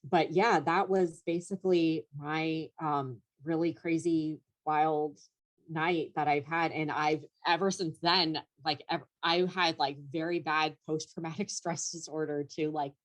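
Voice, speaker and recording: Low-voiced young woman telling a story. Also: fairly even intonation, measured pace. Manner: rambling, filler-heavy, laughs through story. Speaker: comedian guest. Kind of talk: casual storytelling chat.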